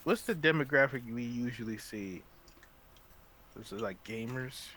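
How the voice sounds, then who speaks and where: Lively young man bantering on a podcast. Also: medium pitch, unhurried. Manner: teasing, amused, expressive. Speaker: podcast co-host. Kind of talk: casual chat.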